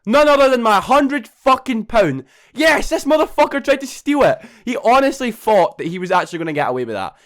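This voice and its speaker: A man's voice: extremely high pitch, very animated, a little fast, hardly any pauses. A young man tells a storytime vlog. He swears a lot and keeps asking "right?". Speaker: vlogger.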